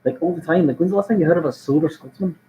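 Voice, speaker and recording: A man's voice: a little high, racing, mellow, a little hiss or hum, low-quality recording. A man chatting casually with viewers on a livestream while building something, rambling and joking as he goes. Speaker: streamer.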